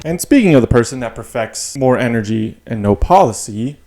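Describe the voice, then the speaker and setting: A man hosting a comedy show, delivering a scripted satirical monologue in a deadpan, mocking way. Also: medium pitch, fairly quick, soft background music.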